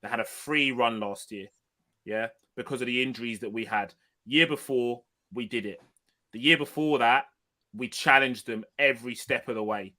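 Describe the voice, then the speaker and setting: A man's voice: mid-range voice, normal speed, sharp tone. A man co-hosting a football podcast, talking emphatically and swearing freely in casual chat. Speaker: podcast co-host.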